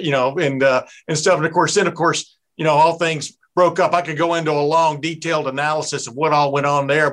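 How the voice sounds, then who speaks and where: A man from East Texas hosts a podcast in a loose, chatty way. He talks at a somewhat high pitch for a man and keeps drifting into folksy asides. His sentences are packed with "you know" and "uh". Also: a bit bright. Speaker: podcast host. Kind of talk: casual interview chat.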